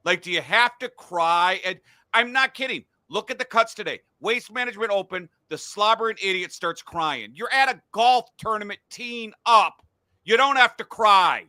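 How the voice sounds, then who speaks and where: A man's voice: sits high, normal speed, sharp tone, no echo. A middle-aged man hosting a casual sports podcast from a home studio, blunt and profane when he rants. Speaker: podcast host.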